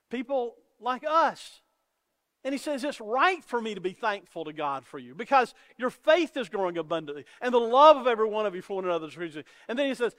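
A man's voice: high voice, lively intonation, a little fast, a bit bright. A man preaching a sermon as pastor, earnest, often repeating words as he starts a sentence. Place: church sanctuary. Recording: long reverb of a church hall.

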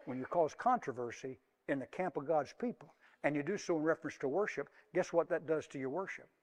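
A man preaching a sermon with a slightly higher voice, swinging from soft asides to loud, emphatic peaks. He puts questions to his congregation as he speaks. His voice carries a long reverb from a large church hall. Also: lively intonation, fairly quick.

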